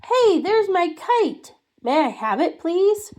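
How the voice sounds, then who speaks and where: A woman's voice: sits high, very animated, a little slow, voice pushed up, full character voice. A woman doing an eager young boy.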